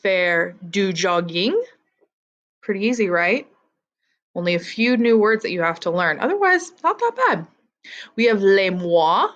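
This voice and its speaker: A woman teaching a vocabulary lesson to students, with slow repeat-after-me drilling. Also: lowish voice, muffled recording. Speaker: French teacher.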